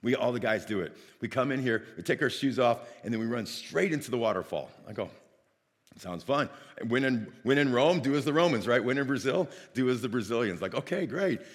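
A man from Northeast Ohio preaching a sermon, telling a lively personal story and acting out the dialogue. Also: medium pitch, fairly quick, long reverb tail. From Northeast Ohio, United States.

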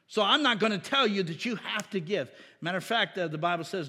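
Fairly high-voiced man preaching in a hall. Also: expressive, a little fast, few pauses, pushed and bright. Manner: conversational preaching with many restarts and rising emphasis. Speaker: pastor. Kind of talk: sermon.

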